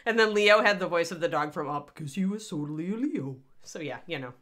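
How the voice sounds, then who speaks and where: Woman host, chatty and rambling, bright voice with a lively, bouncing pitch. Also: brisk. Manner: rambling, chatty, grumbling asides. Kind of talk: casual livestream chat.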